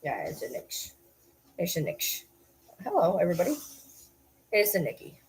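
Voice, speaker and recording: A woman's voice: fairly low pitch, huge pitch swings, moderate pace, darkish tone. A woman chatting casually on a livestream from home, talking playful baby talk to the dogs on her lap and laughing often.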